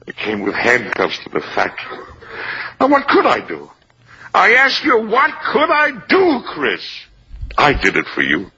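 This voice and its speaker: A man's voice: on the high side, wildly swooping pitch, measured pace, pushed and bright, breathy edge, heavily acted. An actor playing a defensive older factory owner and father, pleading and self-justifying in a 1940s film drama. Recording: dull old film soundtrack with faint hiss.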